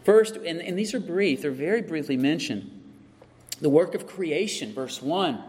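Male pastor, higher-pitched, emphatic sermon delivery, recorded with long church reverb. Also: expressive, measured pace, darkish tone. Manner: preaching with rising emphasis and repeated phrases.

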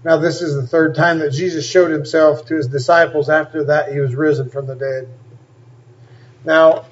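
A man's voice: a little high, fairly even intonation, moderate pace. A man preaching a sermon, reading scripture aloud and stopping often to add plain, emphatic comments. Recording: dull lo-fi recording.

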